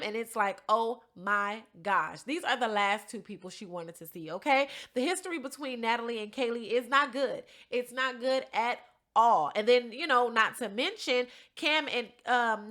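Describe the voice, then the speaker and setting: A young woman casually recapping a reality show episode, chatty and animated, full of slang and asides. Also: on the high side.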